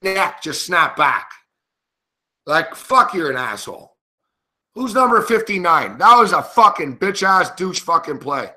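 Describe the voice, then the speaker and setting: A man's voice: a little high, sing-song, unhurried, pushed and bright. A man hosting a sports betting show, giving live game commentary in an angry, profane, indignant rant.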